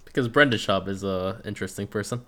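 A man co-hosting a casual review podcast, telling stories in a relaxed way and laughing often. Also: lowish voice, fast. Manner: laid-back storytelling, acts out quotes, laughs often. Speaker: podcast co-host reviewing a reality show. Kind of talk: casual chat.

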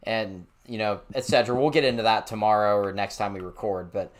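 A man's voice: fairly low pitch, fairly even intonation, brisk. Joking, foul-mouthed man on a podcast. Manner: blunt, swears casually, joking. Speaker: podcast co-host. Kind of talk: casual sports chat.

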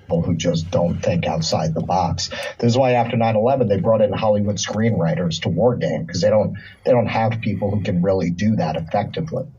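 Deep raspy man in a lo-fi clip. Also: brisk, mellow. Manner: blunt and opinionated. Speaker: commentator in a played clip. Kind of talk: opinionated interview talk. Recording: dull lo-fi played clip.

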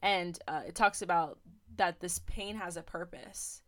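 A young woman hosting a podcast shares a personal faith testimony, earnest and emotional and full of fillers. Her voice is lowish and her pace unhurried.

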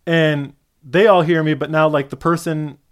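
A man's voice: fairly high pitch, fairly even intonation, normal speed. A man telling a long personal story in casual chat, rambling with lots of fillers and acting out quoted voices.

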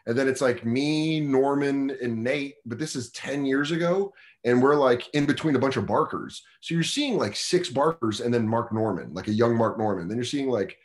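A man in his thirties, a comedian telling stories in a casual podcast chat, animated, acting out voices as he talks. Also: mid-range voice, normal speed, hardly any pauses. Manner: animated storytelling, mimics voices in quotes. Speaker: comedian guest.

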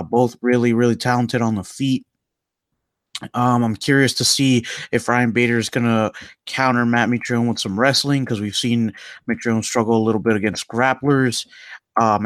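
A man's voice: mid-range voice, no room sound. A man co-hosting a casual mixed martial arts chat, talking loosely with lots of fillers. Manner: easygoing, many "um"s, says "dude". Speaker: MMA podcast co-host.

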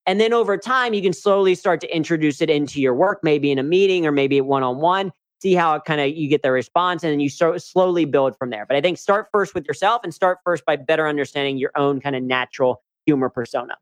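A man's voice: on the high side, fast, few pauses, no echo. A man talking as an interview guest about humor at work, upbeat and chatty, often tagging on "right?". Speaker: guest, humor coach and speaker. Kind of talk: casual interview talk.

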